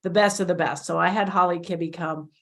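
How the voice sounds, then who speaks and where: A woman's voice: lowish voice, steady tone, brisk. A middle-aged woman, a behavior analyst hosting an interview, talks in a rambling way and often corrects herself mid-sentence. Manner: rambling, self-correcting, chatty. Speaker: podcast host, behavior analyst. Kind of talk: conversational interview.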